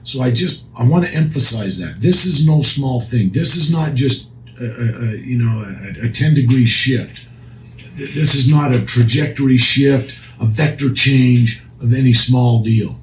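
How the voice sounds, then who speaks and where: A man's voice: mid-range voice, measured pace, a bit bright. A man co-hosting a recovery podcast as a counselor, speaking earnestly and emphatically with frequent restarts. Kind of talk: casual discussion. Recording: echoey room, faint noise.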